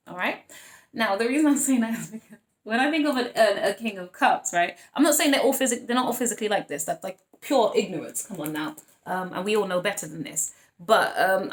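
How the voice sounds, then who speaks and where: A woman giving a casual tarot reading, chatting freely, laughing often and acting out the voices of the people she describes. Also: medium pitch. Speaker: tarot reader.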